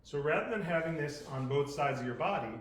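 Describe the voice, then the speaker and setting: A man's voice: a little high, expressive, a little fast. A man instructing a beginner poi class, thinking aloud as he demonstrates and correcting himself as he goes. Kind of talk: live class teaching. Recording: roomy echoing sound.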